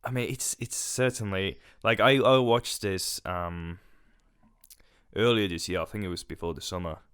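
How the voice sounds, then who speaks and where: Brief: young male co-host, low-ish voice, dry close sound, jokey, laughs a lot, casual chatter. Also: fairly even intonation, normal speed, a bit bright, clean tone, dry recording. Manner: giggly, jokey, trails off into restarts. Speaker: podcast co-host. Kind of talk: casual chat.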